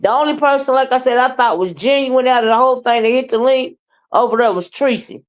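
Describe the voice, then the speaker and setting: A woman with a somewhat high voice and a drawl, commenting on a livestream. She talks bluntly and profanely, animated and trash-talking, while chatting with her viewers. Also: a little fast. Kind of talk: live commentary and chat with viewers.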